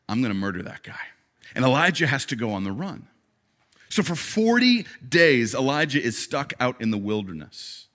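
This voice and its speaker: A man preaching a sermon as a pastor, telling the story with animated energy, dropping to quiet asides and rising to loud, emphatic peaks, often repeating words as he restarts. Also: a little high. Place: church service.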